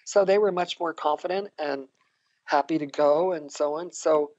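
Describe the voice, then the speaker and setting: A woman's voice: sits low, moderate pace, darkish tone, muffled recording. An older woman, a guest on a podcast, telling reflective personal stories and laughing often. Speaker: interview guest, psychotherapist. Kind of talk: conversational storytelling.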